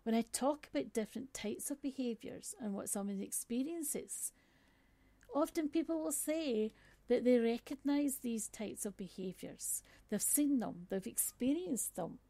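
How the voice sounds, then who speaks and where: A woman's voice: on the high side, expressive, a little slow, vocal fry, warm tone, no echo. A woman giving a personal storytelling talk, conversational, with frequent asides and fillers. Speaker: speaker on workplace bias.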